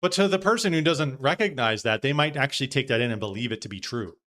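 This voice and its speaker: A man's voice: mid-range voice, lively intonation, fast talker, fairly bright tone. A man hosting a live podcast, thinking aloud in a casual, rambling way with frequent restarts. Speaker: podcast host. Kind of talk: casual live-stream commentary.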